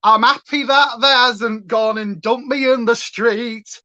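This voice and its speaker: A woman's voice: a little high, steady tone, takes it slowly, bright, forceful tone, no echo, dull audio. A woman voicing a giggly young woman with an exaggerated, put-on broad Yorkshire accent.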